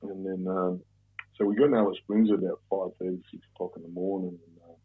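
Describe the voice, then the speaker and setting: Deep, husky Australian man spinning a profane, rambling yarn; tinny phone-line audio. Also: little pitch movement, quick pace. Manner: rambling, profane, many restarts. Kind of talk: casual storytelling.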